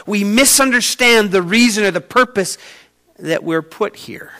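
A man preaching a sermon, retelling a story with sudden swings from quiet to loud. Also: sits high, expressive, normal speed. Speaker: pastor.

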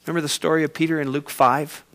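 A man preaching a sermon, retelling a story with sudden swings from quiet to loud. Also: on the high side, little pitch movement, fast talker. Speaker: pastor.

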